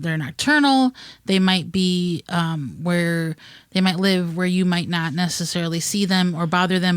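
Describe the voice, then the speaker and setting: A woman from Wisconsin with an Upper Midwest accent, co-hosting a gardening radio show and explaining in a lively, casual way. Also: on the low side, clear, resonant tone, no echo. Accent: Upper Midwest American. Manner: explanatory, lively, trails off to softer ends.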